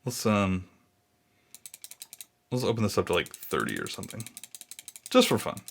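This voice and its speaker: A man in his thirties with a lowish voice talks through a screen recording, thinking aloud and drifting off track. Keyboard typing clicks behind him. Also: very animated, normal speed, vocal fry, a little hiss or hum. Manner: thinking aloud, easily sidetracked, muttering. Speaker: blogging YouTuber. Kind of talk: casual screen-recording walkthrough.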